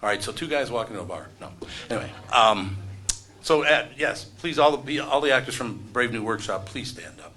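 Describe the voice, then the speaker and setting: Middle-aged male radio host, live-event emcee, bright forceful tone, dry sarcastic humor. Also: mid-range voice, animated, moderate pace. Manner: wry, sarcastic asides and self-deprecating jokes. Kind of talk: live stage emceeing, joking with the audience. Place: event room before a live audience.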